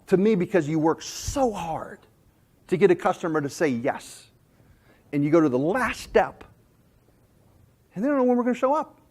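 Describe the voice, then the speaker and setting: Animated man telling a funny story. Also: high-pitched, moderate pace, long pauses, slightly rough. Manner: animated, jokey, self-deprecating. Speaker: sales manager giving a talk. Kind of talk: storytelling presentation.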